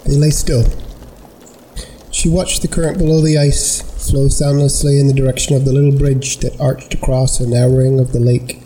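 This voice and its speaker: A man narrating a scripted story in a measured, unhurried way. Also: medium pitch, flat delivery, dark tone, slight background noise, low-quality recording.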